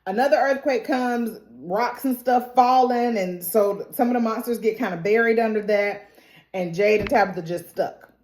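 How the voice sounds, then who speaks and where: A woman giving a casual, animated recap and reaction, laughing often and acting out the characters' quotes. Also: fairly high pitch, moderate pace. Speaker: TV recap vlogger. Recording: roomy echo.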